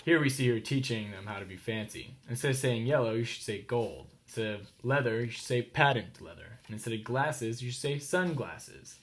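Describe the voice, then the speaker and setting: A man with an American accent reading a children's picture book aloud slowly, stopping to explain words and ask listeners questions. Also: mid-range voice, lively intonation.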